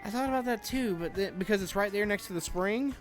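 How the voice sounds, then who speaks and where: A man's voice: high-pitched, fast, soft background music. A young man from Florida co-hosting a podcast, chatting casually, crude and joking, laughing often. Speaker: podcast co-host. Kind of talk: casual chat.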